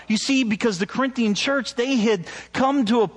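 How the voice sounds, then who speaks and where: A man's voice: very high voice, normal speed, few pauses. A man preaching a sermon, asking his listeners "right?" and mimicking sarcastic tones when he quotes. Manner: animated preaching, rising loud on emphasis, asks "right?" often. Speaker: pastor.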